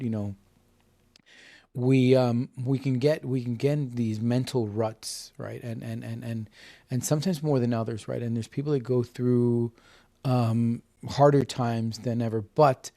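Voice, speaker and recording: A man's voice: medium pitch, mellow. A man in his fifties, a podcast guest, telling a story in an earnest, heartfelt way with frequent restarts and repeated words. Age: 50s. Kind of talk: conversational interview storytelling.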